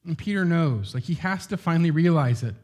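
A man's voice: fairly high pitch, expressive, fairly quick, darkish tone. A middle-aged man preaching a sermon in a loose, conversational way, full of asides and rhetorical questions.

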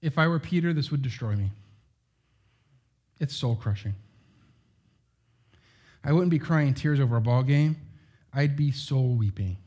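A man's voice: mid-range voice, measured pace, pauses often, dark tone, slightly rough. A middle-aged man preaching a sermon in a loose, conversational way, full of asides and rhetorical questions.

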